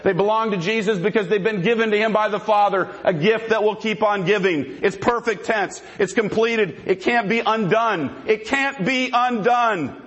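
A man's voice: high voice, fairly even intonation, normal speed, few pauses, fairly bright tone, low-quality recording. A man giving a formal debate presentation, emphatic and repeating his key points.

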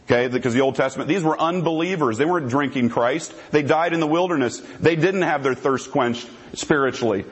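A man with a notably high voice argues his case in a formal debate. He speaks emphatically and hammers home each point by repeating it. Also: fairly quick, hardly any pauses, low-quality recording.

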